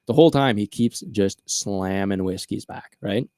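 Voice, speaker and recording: Animated man telling a story. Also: on the low side, a little fast, hardly any pauses, no echo, studio quality. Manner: animated storyteller acting out friends' lines. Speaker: podcast co-host. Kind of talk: casual storytelling chat.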